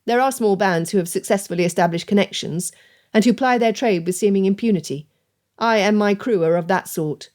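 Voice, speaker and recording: A woman narrator voicing a gruff, commanding male smuggler ship captain in an audiobook. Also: medium pitch, fairly quick, a little mellow, close to an everyday voice. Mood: matter-of-fact. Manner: curt, commanding.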